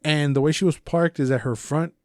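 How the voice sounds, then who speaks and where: A young man on a casual podcast, telling a story with lots of swearing and acting out the lines he shouted. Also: on the high side, brisk, no echo, clean studio sound. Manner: profane animated storytelling, acts out shouted quotes. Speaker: podcast co-host.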